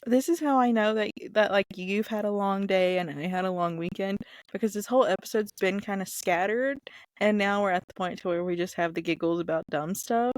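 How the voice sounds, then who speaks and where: A woman's voice: medium pitch, brisk, dry recording. Chatty Southern woman co-hosting a podcast. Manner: chatty, giggly, animated storytelling. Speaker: podcast co-host. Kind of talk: casual chat.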